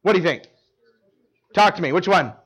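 A man's voice: sits high, animated, normal speed, fairly bright tone, slightly rough. A male pastor preaching a casual, conversational sermon to a live congregation, often quizzing the listeners and leaning on fillers like "like.". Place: church service before a live congregation.

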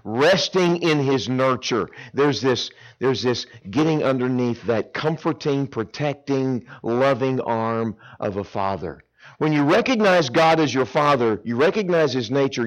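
A middle-aged man preaching a sermon as a pastor, emphatic and swinging between loud declarations and hushed, tender lines. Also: mid-range voice.

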